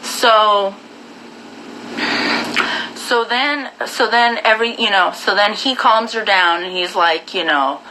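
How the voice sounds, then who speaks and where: A woman live-streaming, telling her viewers a story in a blunt, profane, animated way. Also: medium pitch, takes it slowly, long pauses, rough recording.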